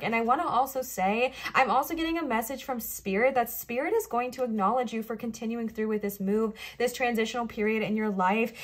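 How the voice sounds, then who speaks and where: Woman tarot reader, bright higher voice, rapid gushing delivery, uplifting affirmations. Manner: fast, gushing, upbeat talk; affirming, uplifting, channeling Spirit. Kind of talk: pick-a-card tarot reading to camera.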